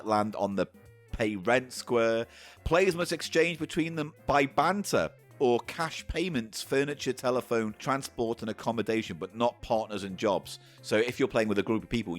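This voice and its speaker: A man co-hosting a comedy podcast, sweary and dry, reading out board game rules. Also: fairly low pitch. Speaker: co-host. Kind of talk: casual comedy podcast chat.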